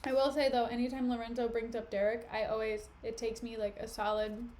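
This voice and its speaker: Chatty high-voiced woman streamer. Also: little pitch movement, a little fast, a little mellow, slight background noise. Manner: chatty, slangy, recaps with asides. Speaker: streamer reading a play. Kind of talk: casual live-stream reading and recap.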